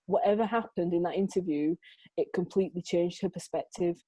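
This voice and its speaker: A woman with a lowish, mellow voice talks through her photography in an animated, storytelling way, often restarting her sentences. She is heard over a dry-sounding video call. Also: fairly quick, breathy edge, no room sound, poor audio. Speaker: photographer, guest. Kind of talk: conversational interview storytelling. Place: home, remote conversation.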